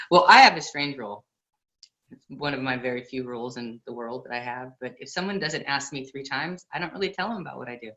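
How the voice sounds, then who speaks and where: A woman's voice: a bass voice, animated, fairly quick, fairly bright tone, lo-fi sound. Chatty woman hosting a book club. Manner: chatty, laughs often, quotes others in voices. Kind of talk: casual online book discussion.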